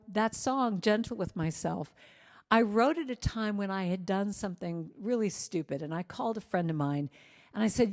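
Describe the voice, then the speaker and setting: Middle-aged woman reverend, candid storyteller, self-deprecating, mid-pitched, long hall reverb. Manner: candid and self-deprecating, soft when quoting gentle words. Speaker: reverend and singer-songwriter. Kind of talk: personal storytelling talk.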